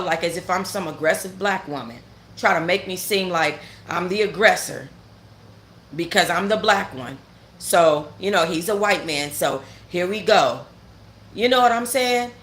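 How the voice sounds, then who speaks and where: A woman's voice: medium pitch, moderate pace, a bit bright, reverberant, a little hiss or hum. A woman host telling a story in a casual rant, blunt and profane, repeating points for emphasis. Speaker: channel host.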